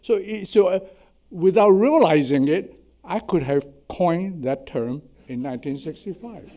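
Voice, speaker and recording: A man's voice: high voice, lively intonation, measured pace, dark tone. Older man with a Chinese accent. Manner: chatty, tags remarks with "okay?", self-deprecating humor. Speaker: surgeon giving a symposium talk. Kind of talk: anecdotal lecture. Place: lecture hall.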